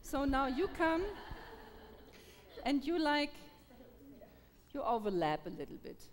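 Very animated, the high-voiced woman teaches a live Feldenkrais workshop through an interpreter, her speech halting and full of repeated words. She laughs often and encourages her students, all in a reverberant hall.

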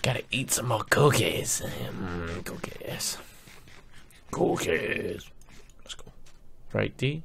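A young man casually narrating his own gameplay in a relaxed, rambling way, having just woken up. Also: medium pitch, creaky. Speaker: gaming YouTuber. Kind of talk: casual Minecraft let's play.

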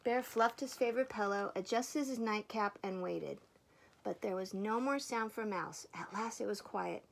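A woman's voice: mid-range voice, moderate pace, vocal fry, a little hiss or hum. Older woman reading a bedtime story. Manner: expressive, drops to soft whispers. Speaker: storybook reader. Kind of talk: reading a picture book aloud.

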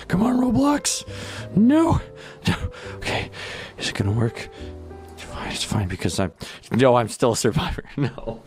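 A young man commentating an online game, his voice leaping around in pitch as he goes from hushed whispering to startled shouts. Faint game music plays underneath. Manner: animated, jumps between whispers and loud squeals. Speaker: gaming YouTuber. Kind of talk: excited gameplay commentary.

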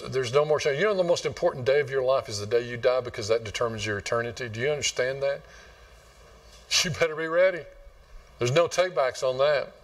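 Preacher guy, chatty and rambling, asks the crowd stuff, sounds kinda far from the mic in a church. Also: mid-range voice. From West Texas. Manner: folksy, rambling, asks the congregation questions. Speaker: pastor. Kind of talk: sermon. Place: church sanctuary.

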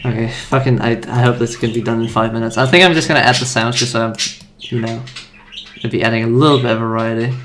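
A man's voice: medium pitch, fast talker. A man casually chatting on a livestream while he animates, talking half to himself. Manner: relaxed, mumbling to himself while working. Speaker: animator and stream host. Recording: noisy home stream with keyboard clicks.

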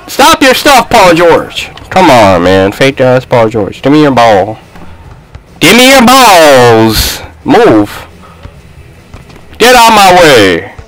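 A man giving live commentary over a basketball video game, excitable and trash-talking his teammates. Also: mid-range voice, takes it slowly, faint music behind, poor audio. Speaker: gaming YouTuber.

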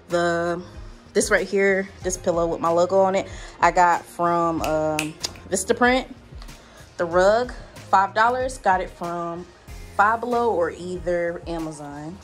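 In a relaxed walkthrough vlog, a young adult woman shows off her spa treatment room, rattling off items with lots of "like" and "um." She has a lowish voice with a fairly bright tone.

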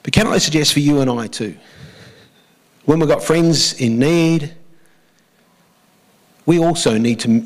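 An Australian man preaching a church sermon as pastor, speaking emphatically, slowing down and repeating key phrases, and leading the congregation in saying lines back. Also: on the high side, poor audio.

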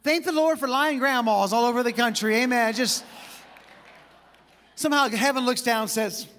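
A man preaching a sermon to a church, telling personal stories with quick asides and light laughter. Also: extremely high pitch, a bit bright, a little hiss or hum. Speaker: pastor. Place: church auditorium with long reverb. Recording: reverberant church hall.

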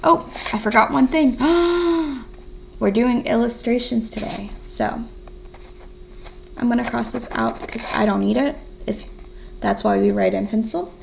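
A woman's voice: a little high, moderate pace, creaky, slight background noise, low-quality recording. A young woman teaching a remote writing lesson, encouraging and thinking aloud as she writes. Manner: counts syllables in a soft whisper.

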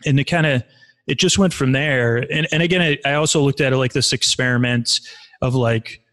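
A man's voice: medium pitch, brisk, a bit bright. A man in his forties telling stories candidly in a casual, rambling way, with many restarts and fillers, as a podcast guest. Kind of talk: casual conversational storytelling.

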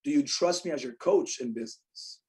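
A young adult man telling a lively story as a podcast guest, acting out what others said. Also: medium pitch, moderate pace. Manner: animated storyteller, acts out quotes. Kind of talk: storytelling in casual chat.

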